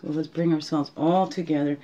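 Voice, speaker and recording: A woman's voice: low-pitched, fairly even intonation, fairly quick, warm tone, dull audio. A woman hosting a spiritual guidance session at home, reading oracle cards in a meandering, reflective way and often asking the listener questions. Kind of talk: casual oracle card reading.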